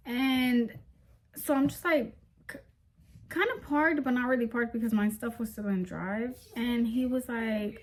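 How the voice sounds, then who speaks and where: A young adult woman telling a story in a casual vlog, animated and emphatic, full of slang fillers. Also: fairly high pitch, normal speed.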